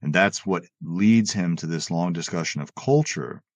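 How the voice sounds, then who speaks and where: Low-voiced man in lively philosophy chat. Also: normal speed, no echo, dull audio. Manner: animated, repeats and restarts words, quotes the author with emphasis. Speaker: podcast co-host. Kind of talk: casual philosophy discussion.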